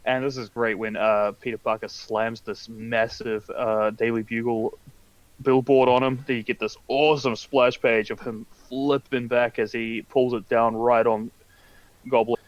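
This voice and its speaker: A man's voice: mid-range voice, little pitch movement, a little slow, no echo, muffled recording. A man co-hosting a casual comic book chat, joking and crude. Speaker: comic book podcast co-host.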